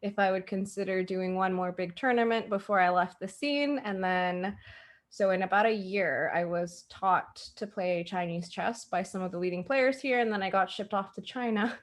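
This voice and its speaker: A woman's voice: mid-range voice, moderate pace. A young woman from Canada chatting casually on a livestream, telling stories animatedly and acting out the voices of people she quotes. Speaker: guest, streamer's best friend.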